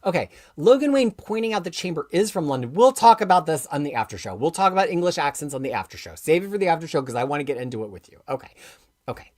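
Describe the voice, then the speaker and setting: A woman hosting a live comics stream in a lowish voice that rises and falls with lively, animated swings. She speaks with passion and bursts into loud, emphatic peaks. Between them she drops into quiet, offhand asides as she reads viewer comments. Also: fast talker. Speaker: comics livestream host.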